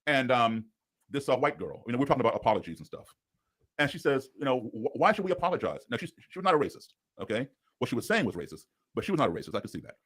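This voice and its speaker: Podcast guest, a man who talks very fast and tells stories in an earnest, explaining way. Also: medium pitch, very animated, fairly bright tone, husky. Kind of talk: podcast conversation.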